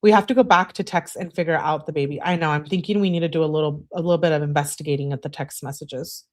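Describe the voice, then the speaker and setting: A woman's voice: low voice, fairly even intonation, fast talker, a little mellow. A woman hosting a true-crime livestream in casual commentary, answering chat with sarcastic, exasperated asides. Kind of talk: casual live-stream commentary.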